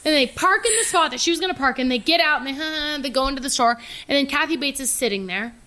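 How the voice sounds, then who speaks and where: A podcast co-host with a high, bright, sharp voice. She chats casually and swears easily. She retells stories with dry, wry timing. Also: quick pace. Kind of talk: casual chat.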